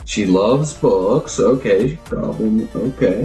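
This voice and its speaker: Guy streaming live, drawls along slow, keeps calling himself goblin, soft music in the back. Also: lowish voice, lively intonation. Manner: refers to himself in the third person as Goblin; slow, rambling, thinks aloud. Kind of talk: casual live-stream chat.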